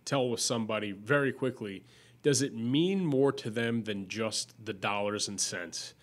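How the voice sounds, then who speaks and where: A man's voice: fairly low pitch, unhurried. A man co-hosting a casual business podcast, explaining points earnestly and chiming in with short agreements. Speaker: podcast co-host.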